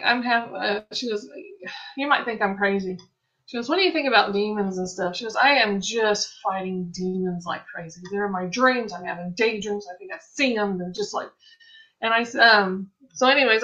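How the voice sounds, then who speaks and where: A middle-aged Christian ministry speaker with a high, pushed, bright voice gives an earnest testimony-style faith talk, and the recording is muffled. She tells a friend's story, restarting often and quoting lines.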